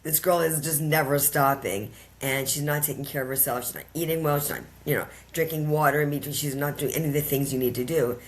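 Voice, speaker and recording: A woman's voice: low-pitched, steady tone, quick pace, hardly any pauses. A woman guest on a podcast, telling a personal story earnestly with emphatic, repeated phrases. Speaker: podcast guest, empowerment coach.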